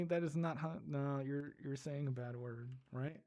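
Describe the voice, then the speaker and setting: A man chatting casually on a livestream, giggling and slowly sounding out foreign words. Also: fairly high pitch. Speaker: streamer.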